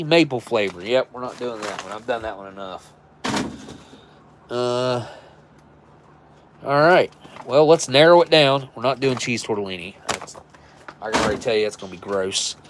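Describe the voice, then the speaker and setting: A man hosts a live stream reviewing military rations, chatting casually and rambling as he thinks out loud and corrects himself. His voice is medium-pitched, with a little hiss or hum in the audio.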